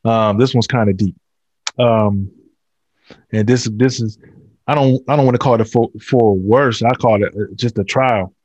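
A man's voice: fairly low pitch, normal speed, lo-fi sound. A man hosting a casual panel discussion, agreeing easily and reading out viewer questions and comments. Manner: relaxed, agreeable, lots of fillers while reading viewer questions. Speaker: host.

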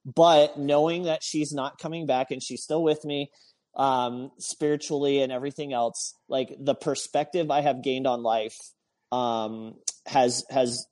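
A man's voice: mid-range voice, steady tone, a little slow, a little mellow. A man talking as a guest, earnest and reflective, often restarting and repeating his words. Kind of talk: reflective conversation.

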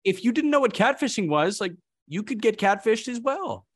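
Animated man telling a story on a podcast. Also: sits high, normal speed, no echo, clean studio sound. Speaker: podcast co-host. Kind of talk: casual chat.

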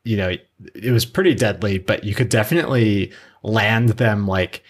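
A man with a very low voice talks through an episode recap on a podcast. He rambles, circling back with lots of fillers and restarts, in an easygoing chatty way. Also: normal speed. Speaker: podcast co-host. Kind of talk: casual recap chat.

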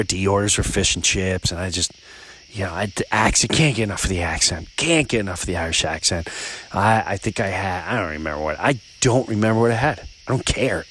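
Male podcast host, casual storyteller, lively and repetitive delivery. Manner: animated, with big jumps up in pitch when excited; repeats himself and restarts mid-sentence.

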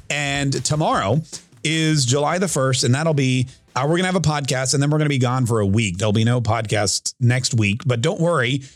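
A man's voice: mid-range voice, dry recording. A man hosting his own podcast, talking casually and rambling a little as he opens with news and opinion. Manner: chatty, rambling, with frequent restarts and asides. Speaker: podcast and radio host. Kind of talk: casual political monologue.

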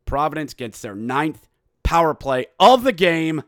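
Excitable man doing a hockey podcast recap. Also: on the high side, a little slow, no echo, clean studio sound. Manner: excitable, mock-outraged, shouts during goals. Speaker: podcast host. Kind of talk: animated hockey recap with play-by-play.

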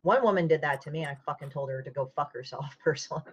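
A woman comic artist in casual podcast chat, talking bluntly and swearing freely as she retells a falling-out with lively energy. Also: low voice, fast talker, breathy edge. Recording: dull lo-fi audio.

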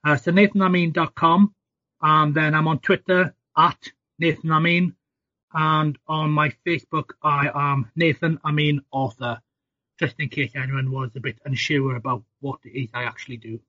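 A man guest on a podcast, an author talking in a relaxed, self-deprecating way. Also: fairly high pitch, moderate pace, no echo. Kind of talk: podcast interview. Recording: slightly dull audio.

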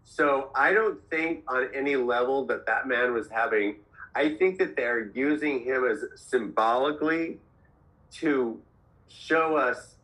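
Guy guesting on a podcast, talks real slow, bright kinda high voice, keeps restarting. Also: rough recording. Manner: slow, emphatic, circling restarts. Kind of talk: casual chat.

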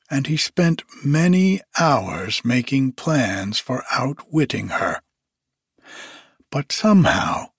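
Guy reading a fairy tale, super slow, husky voice, dry close sound. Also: mid-range voice, dry recording. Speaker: narrator. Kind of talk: storybook reading.

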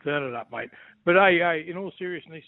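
Jokey Australian bloke on a phone line. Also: male voice, on the high side, animated, a little fast, no room sound. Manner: rowdy, jokey, says mate constantly. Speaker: former rugby league player calling in. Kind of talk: casual banter. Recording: tinny phone line, dry.

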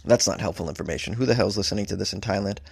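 A man's voice: fairly low pitch, rapid-fire, creaky, husky. Sarcastic man riffing on odd news. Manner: sarcastic, rambling, swears casually. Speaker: host reading and reacting to news stories. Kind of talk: casual commentary on news stories. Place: staying in a hotel abroad.

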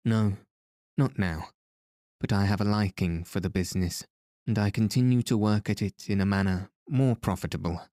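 A man's voice: fairly low pitch, normal speed, warm tone, no echo, clean studio sound, close to an everyday voice. A man reading as a sly blackmailing ex-detective. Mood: insinuating. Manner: cool, insinuating, threatening. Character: sly, menacing former detective, about forty.

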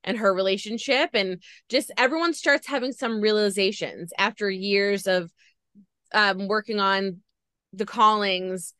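A woman's voice: medium pitch, a little slow, fairly bright tone, clear, resonant tone, no room sound. A woman podcast host gushing as she retells a story in a casual interview chat.

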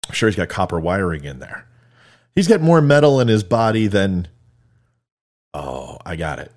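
A man's voice: lowish voice, very animated, fairly quick, darkish tone. A man hosting a casual monologue for viewers, rambling and joking at his own expense. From California. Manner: rambling, joking, self-mocking. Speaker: host.

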